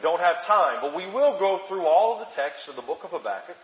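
A man's voice: sits high, lively intonation, brisk. A man preaching a sermon, reading scripture dramatically and asking the listeners rhetorical questions. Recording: dull echoey hall recording.

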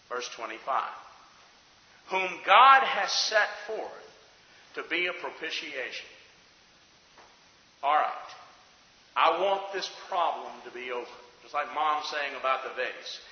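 A man preaching a sermon to his congregation, his delivery swinging between loud emphatic peaks and hushed low passages. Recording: echoey hall, dull sound.

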